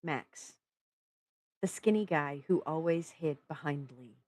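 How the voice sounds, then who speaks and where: Low-voiced woman reading a story. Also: moderate pace, darkish tone, dry recording. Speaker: story reader on a writing-prompt stream.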